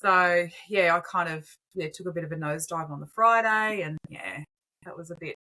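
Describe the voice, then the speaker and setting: A woman's voice: fairly low pitch, moderate pace, sharp tone. A woman co-hosting a podcast in casual, rambling chat with many fillers, getting over a cold. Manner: chatty, loose, many fillers. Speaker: podcast co-host.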